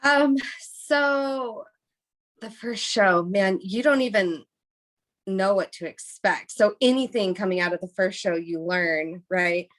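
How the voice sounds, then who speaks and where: Young woman, podcast guest, casual chat, rambling, lots of fillers, middle-pitched voice. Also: slow pace, fairly bright tone. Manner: chatty, rambling with many fillers. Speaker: podcast guest, bikini competitor. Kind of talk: casual interview storytelling.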